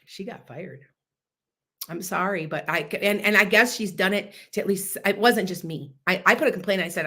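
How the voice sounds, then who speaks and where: Loud, boisterous woman host. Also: medium pitch, moderate pace. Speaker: podcast host. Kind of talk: casual livestream chat.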